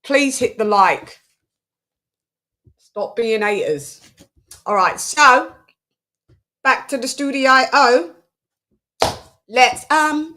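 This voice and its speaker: A woman's voice: high voice, extremely slow, pauses often. A woman from the UK hosting a boxing livestream, chatting playfully with guests and greeting her chat with frequent laughs. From United Kingdom. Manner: chatty, playful, laughs often, gives shout-outs to chat. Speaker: livestream boxing show host.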